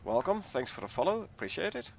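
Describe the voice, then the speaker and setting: A man's voice: fairly high pitch, quick pace, creaky, a little hiss or hum. A man from the Netherlands with a Dutch accent, chatting casually with viewers while he plays and explains a game. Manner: relaxed, chatty, greets viewers while playing. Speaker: gaming livestreamer. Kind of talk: casual livestream commentary.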